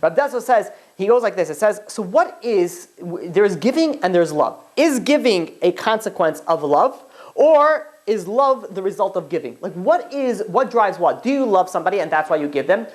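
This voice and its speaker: A man's voice: high voice, moderate pace. A man teaches a casual Torah class as a rabbi. His delivery rambles through asides and "you know"s. He acts out little exchanges as he goes. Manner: rambling and animated, full of asides and acted-out dialogue. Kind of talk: informal Torah class lecture.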